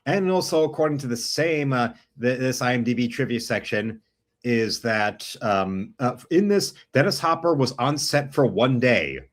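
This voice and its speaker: A man's voice: medium pitch, expressive, moderate pace. A man with a mid-range voice hosts a casual stream. He jokes with his friends and reads a film review aloud at an easy pace. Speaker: host of an art stream.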